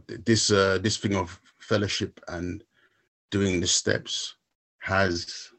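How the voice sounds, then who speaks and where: A man reciting a spoken word poem in a measured, rhythmic way, then talking haltingly about his own recovery steps. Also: low voice, steady tone, gravelly, fairly bright tone. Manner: halting, searching for words.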